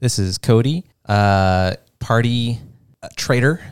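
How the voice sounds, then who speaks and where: A man's voice: mid-range voice, slow pace, clear, resonant tone, no room sound, studio quality. A man chatting casually as a player on a tabletop gaming podcast, easygoing and joking. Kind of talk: casual chat.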